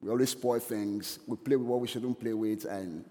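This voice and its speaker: A man's voice: mid-range voice, fairly even intonation, normal speed, warm tone, long reverb tail. A male preacher giving a sermon in an earnest, stop-start way, with frequent restarts.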